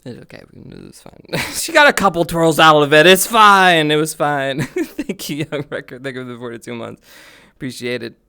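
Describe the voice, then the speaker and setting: A man's voice: on the high side, a little fast, few pauses, pushed and bright, smooth. A man live streaming, telling stories in casual chat, laughing and swearing often.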